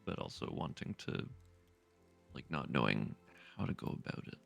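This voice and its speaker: A man's voice: rumbling low, very animated, moderate pace, gravelly, fairly bright tone, breathy edge, soft background music. A man playing in a tabletop game, thinking aloud hesitantly about what his character does. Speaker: player. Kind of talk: casual play at a tabletop game.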